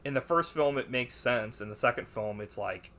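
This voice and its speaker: A man's voice: medium pitch, moderate pace, bright, forceful tone, slight background noise. A man co-hosting a podcast, reviewing a film in casual banter, swearing a lot and doing mocking impressions of the characters. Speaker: podcast co-host.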